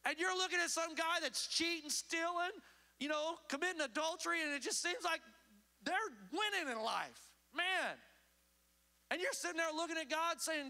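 A man preaching a sermon as pastor, emphatic, swinging between loud urgent calls and low hushed asides. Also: expressive, normal speed. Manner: emphatic preaching with sweeping pitch swings and acted quotes. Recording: long hall reverb.

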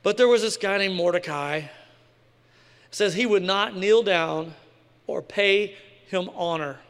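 Very high-voiced man preaching in a hall. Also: a little slow, a bit bright, smooth. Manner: casual, joking preaching with slang asides. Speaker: pastor. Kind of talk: sermon. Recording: long hall reverb.

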